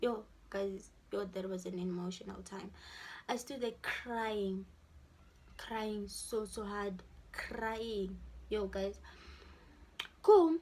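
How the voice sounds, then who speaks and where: A young South African woman with a South African accent, telling a storytime vlog in an animated way and acting out the people in her story. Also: medium pitch, takes it slowly, pauses often, slightly rough. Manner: animated storytelling, switching into Sesotho-style phrases and acting out voices. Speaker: vlogger.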